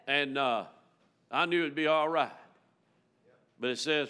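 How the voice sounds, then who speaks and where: A man preaching a storytelling sermon in a church, folksy and emotional, rising loud and dropping to a near-hush. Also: a little high, a little slow, long pauses, clear, resonant tone. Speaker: guest preacher. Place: church sanctuary.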